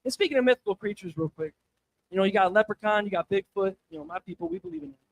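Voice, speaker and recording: A man's voice: high voice, sing-song, very fast, gravelly, slight background noise. A young man doing a crude, self-mocking stand-up set on a comedy showcase stage, talking casually with the crowd.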